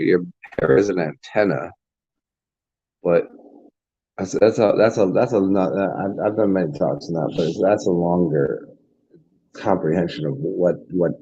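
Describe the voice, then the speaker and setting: A low-pitched man with vocal fry and a slightly rough, somewhat mellow voice gives a rambling, profane monologue as a casual spiritual vlogger. He restarts his sentences often, and the lo-fi recording sounds dull.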